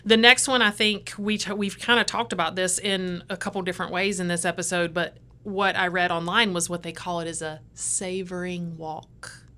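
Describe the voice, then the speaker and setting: A woman co-hosts a casual podcast chat. Her voice sits somewhat low for a woman. She explains practical ideas in a friendly, step-by-step way. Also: flat delivery, normal speed, few pauses, sharp tone. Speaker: podcast co-host.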